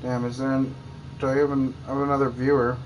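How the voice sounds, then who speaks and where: A man's voice: medium pitch, little pitch movement, fast, a little hiss or hum, rough recording. Chatty male game streamer. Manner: chatty, talking to himself. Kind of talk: live game commentary.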